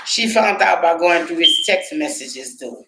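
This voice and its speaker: A man's voice: a little high, lively intonation, measured pace, gravelly, echoey room, background noise. A man hosting a livestream, giving casual, profane commentary, often laughing and talking to his chat. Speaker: livestream host.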